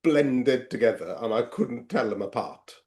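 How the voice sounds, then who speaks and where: A man co-hosting a casual film podcast, animated and swearing freely. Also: medium pitch, measured pace. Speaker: podcast co-host.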